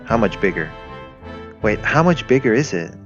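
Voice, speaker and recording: A man's voice: lowish voice, sing-song, moderate pace. A man doing a grumbling young German commander. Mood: weary. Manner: sarcastic, flustered and grumbling. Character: exasperated young male German tank commander. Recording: lo-fi with faint music.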